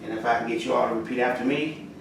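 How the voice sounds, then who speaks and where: A man leads a casual alphabet lesson, pausing often with fillers. He sits well back from the mic, so his voice rings in a very roomy space with steady background noise. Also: medium pitch. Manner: halting, many fillers, slow and clear letter drills. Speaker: Arabic teacher. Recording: roomy echo from far off, audible noise.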